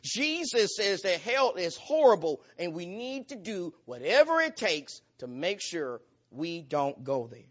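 A man with a high voice preaches a sermon. He repeats his points and pushes his delivery harder as he goes. The recording sounds dull and lo-fi. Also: big pitch swings, unhurried, few pauses. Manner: emphatic, repetitive preaching cadence with rising intensity.

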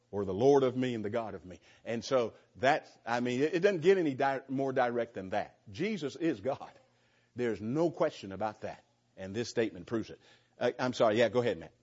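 Male pastor teaching scripture, husky tone, dull lo-fi recording; earnest, stumbling restarts. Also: mid-range voice, a little mellow. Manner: earnest, repeats words and restarts often. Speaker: pastor teaching a Bible study. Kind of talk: conversational Bible teaching. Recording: slightly dull lo-fi sound.

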